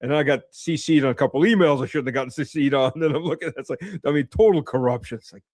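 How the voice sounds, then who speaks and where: A man's voice: medium pitch, fast, a little mellow, no echo, clean studio sound. A man hosting an interview, chatting casually and reacting with short interjections. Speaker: host.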